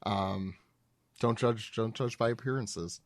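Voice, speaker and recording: A podcast guest chatting casually with quick, joking asides. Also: medium pitch, steady tone. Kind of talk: casual discussion.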